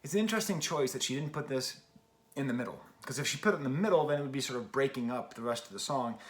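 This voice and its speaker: A man's voice: medium pitch, expressive, fast talker. A man in his forties giving a casual, rambling album review, often restarting his sentences and poking fun at himself. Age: 40s. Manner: rambling, self-deprecating, frequent restarts.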